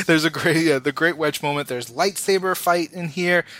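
A man's voice: a little high, huge pitch swings, a little slow, sharp tone, no echo. A man co-hosting a podcast in casual chat, enthusiastic and rambling with many fillers. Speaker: podcast co-host.

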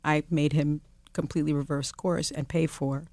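Lively woman telling a story, dry sound. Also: deep voice, moderate pace, no room sound. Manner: animated storyteller, laughing often. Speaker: guest. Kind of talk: casual interview chat.

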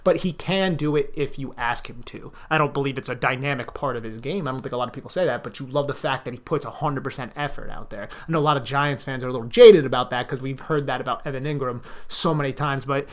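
A man of middle pitch co-hosts a sports podcast. He speaks in an easy, conversational way and leans hard on his opinions about players. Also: fast talker, hardly any pauses. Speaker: podcast co-host. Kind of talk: casual sports chat.

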